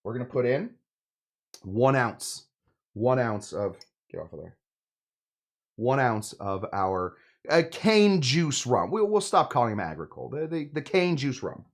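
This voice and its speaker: A cocktail host talks his way through a recipe in a loose, rambling manner. He cracks jokes and chases his own tangents. His man's voice sits at a middle pitch but leaps around with lively, animated swings. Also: unhurried, long pauses. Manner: joking, rambling, self-interrupting. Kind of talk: casual cocktail-making demonstration.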